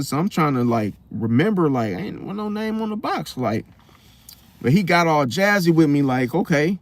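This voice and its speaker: A young man, casually telling a personal story in slangy, animated talk. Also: on the high side, normal speed, no echo. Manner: slangy, animated retelling, acts out quotes.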